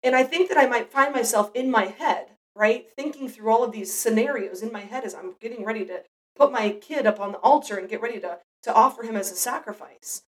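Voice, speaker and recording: A woman's voice: fairly high pitch, fairly quick, far from the mic, rough recording. A mother giving an earnest, reflective devotional Bible teaching, speaking directly to the listener.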